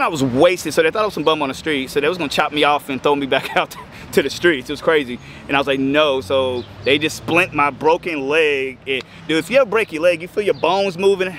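A man in his thirties telling his recovery story emotionally, halting and choking up, with frequent restarts. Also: mid-range voice, fairly bright tone. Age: 30s. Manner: halting, choked up, breaks off with restarts. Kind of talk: emotional personal testimony. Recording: outdoor street noise with passing cars.

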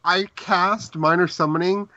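Casting note: playful male player, bright high voice, dull lo-fi mic. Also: fairly even intonation, a little slow. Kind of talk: playing a tabletop game. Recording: dull lo-fi mic with faint hiss.

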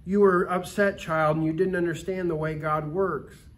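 A man's voice: a little high, steady tone, normal speed, natural voice. Kindly patient aunt, read by a man. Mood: gently teaching. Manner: soft, tender, reassuring. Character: gentle, wise middle-aged aunt, kindly and patient.

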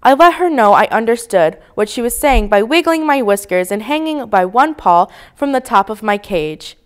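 A woman reading a children's book aloud with expressive, sing-song narration. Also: on the high side, moderate pace. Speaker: storybook reader.

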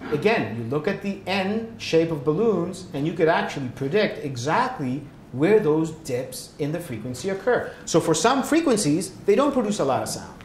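Middle-aged male science lecturer, slightly high voice, roomy hall with faint rumble behind. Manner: explanatory, frequent "right?" and "okay?" check-ins.

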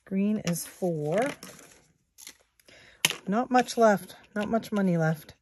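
A sixties-aged savings vlogger with a medium-pitched voice gives gentle, unhurried commentary while doing savings challenges at home, greeting viewers as "guys." Her phone or camera sits close on a table, and the background is noisy.

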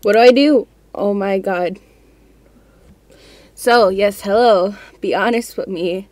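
A woman's voice: mid-range voice, slow, a little mellow, no room sound. Jittery woman narrating a horror game. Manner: jittery, nervous self-talk, repeats herself. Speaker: gaming channel host. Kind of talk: let's-play horror game commentary. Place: her room at home.

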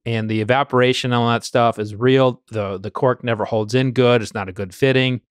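A man's voice: medium pitch, fairly even intonation, fairly quick, clear, resonant tone, no echo, clean studio sound. Rambling man telling bourbon stories. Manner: rambling storyteller with many restarts. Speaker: podcast co-host, bourbon collector. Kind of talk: casual chat.

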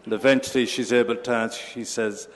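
A man's voice: mid-range voice, steady tone, fast, heavy background noise. A man, a priest, telling jokes to a congregation in a playful, mock-solemn way. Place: large church. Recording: long church reverb.

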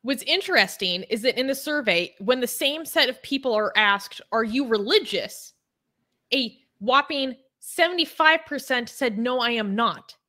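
Bright-voiced woman co-hosting a chat show. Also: a little high, lively intonation, moderate pace. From Scottish and Irish ancestry, raised elsewhere. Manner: chatty, laughs often, reads out statistics. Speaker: co-host. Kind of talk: casual chat reading news and comments.

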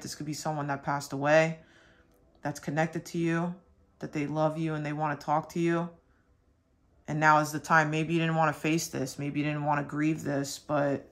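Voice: mid-range voice, a bit bright. Earnest tarot reader, casual talk. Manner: earnest and reassuring, talks straight to the viewer; loose and repetitive, with many asides. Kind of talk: casual tarot reading to viewers.

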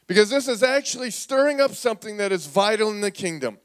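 High-voiced, animated male pastor preaching. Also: fast talker, clean tone. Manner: animated, prompts congregation to repeat words. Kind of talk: sermon. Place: church sanctuary.

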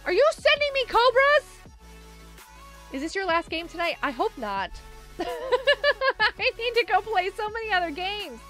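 A woman's voice: very high voice, big pitch swings, a little slow, pushed and bright, faint music behind. A woman streaming a game live, chatting casually, gushing thanks to viewers and giggling often.

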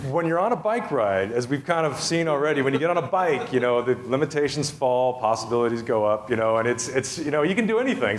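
A man giving a humorous storytelling talk on a festival stage, chatty and self-amused, with many asides and restarts. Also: medium pitch. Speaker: festival speaker.

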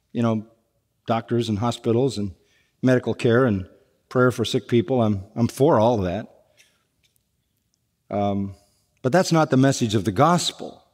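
A man preaching a sermon, emphatic, and he often repeats key phrases. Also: medium pitch. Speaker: pastor. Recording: long echo of a large hall.

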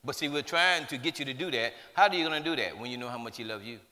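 A man's voice: medium pitch, fast, bright, forceful tone. A man preaching a sermon as pastor, hollering with fervent energy in a church. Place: church sanctuary. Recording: long reverb of a church hall.

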